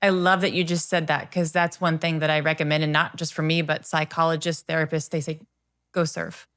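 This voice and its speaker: A middle-aged woman with a fairly low voice talks on a podcast as an interview guest. She tells stories with earnest, animated energy and slips into the voices of the people she quotes. She is a coach who speaks straight to the listener. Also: fairly quick, clear, resonant tone.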